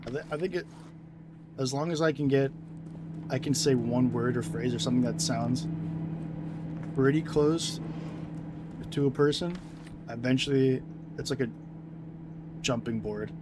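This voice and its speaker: A man at a middle pitch chatting loosely while he plays, trailing off into fillers and restarts as he talks to his viewers. Steady noise sits behind his voice. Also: measured pace, pauses often. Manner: rambling, filler-heavy, talks to chat. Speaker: streamer playing a game. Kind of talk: casual gameplay commentary. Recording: noisy background.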